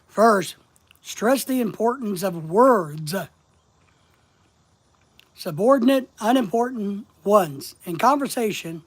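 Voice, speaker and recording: Male streamer, reads a book aloud and riffs on it, hits key words hard. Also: sits high. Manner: emphatic, stresses key words, reflective. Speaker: live-stream host. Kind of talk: reading a book aloud and commenting.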